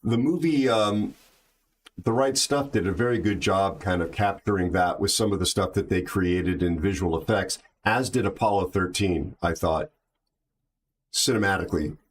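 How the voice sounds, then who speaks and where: Speaking at normal speed in a deep voice, this man hosts a livestream in a chatty way, cracking jokes and reacting to chat by reading it out. He comes from an aviation background.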